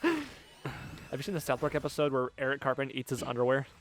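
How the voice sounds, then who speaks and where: A man's voice: medium pitch, very animated, a little fast, a little hiss or hum. Male co-host, casual, rambling, sweary storyteller. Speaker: let's play co-host. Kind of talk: casual chat.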